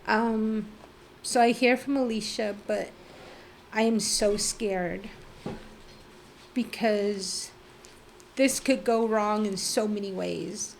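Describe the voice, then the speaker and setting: A woman's voice: mid-range voice, fairly even intonation, slow pace, creaky, pauses often, slight background noise. A middle-aged woman telling her own life story as a podcast guest, candid and emotional, with lots of "like" fillers and a blunt swear now and then. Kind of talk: personal storytelling.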